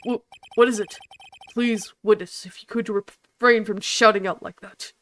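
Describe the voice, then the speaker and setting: A woman's voice: medium pitch, steady tone, measured pace, dry recording, close to an everyday voice. A woman voicing a nervous young male defense lawyer who stammers and hesitates.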